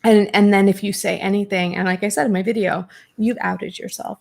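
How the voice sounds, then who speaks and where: A young adult woman hosts a podcast, reading viewer comments aloud and reacting candidly and animatedly, swearing freely. Her mid-range voice is brisk, with vocal fry.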